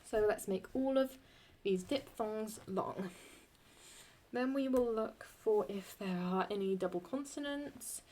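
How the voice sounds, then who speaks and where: A woman teaching Latin poetic meter in a chatty way, thinking aloud and correcting herself, and reading Latin lines slowly and deliberately. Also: mid-range voice, warm tone. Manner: slow, deliberate Latin recitation. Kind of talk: screen-recorded lesson.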